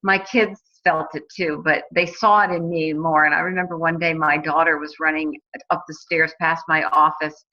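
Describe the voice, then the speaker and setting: Woman, 40s, casual testimonial, chatty with restarts; lowish bright voice, muffled lo-fi sound. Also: flat delivery, moderate pace. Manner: chatty, many fillers and restarts. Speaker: guest telling her story. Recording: dull lo-fi recording.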